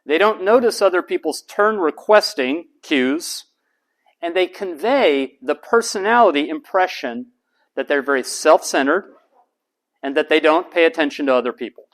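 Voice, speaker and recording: A man, a college lecturer giving a deliberate lecture and repeating key terms slowly. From United States. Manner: demonstrates voice types, drops to flat low monotone for examples.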